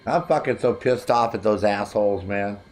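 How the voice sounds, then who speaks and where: A man in his sixties streams a video game, angrily ranting and swearing nonstop at rivals who booted him from their chat, even mocking them in put-on voices. His voice sits on the low side, a little mellow, at a normal speed.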